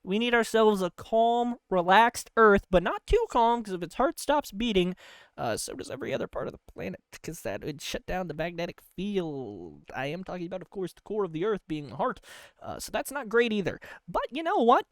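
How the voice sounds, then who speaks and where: Male comedy podcast host: loose, silly rambler with a lively, swooping delivery, dead-dry recording. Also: high voice, moderate pace, no room sound. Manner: loose, goofy, full of filler asides; breaks into laughter mid-line. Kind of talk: rambling comic monologue.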